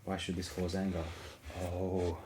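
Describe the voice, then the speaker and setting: Deep monotone male audiobook narrator. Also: fairly quick, background noise.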